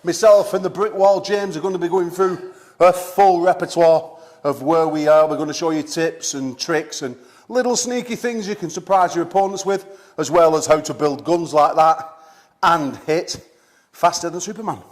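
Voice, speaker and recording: An energetic man leads an arm wrestling seminar in a gym, still a little out of breath. His voice sits a touch high, and he teaches by checking in with his listeners as he goes. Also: normal speed. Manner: energetic, coaching with frequent "okay?" check-ins. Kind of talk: instructional seminar demonstration.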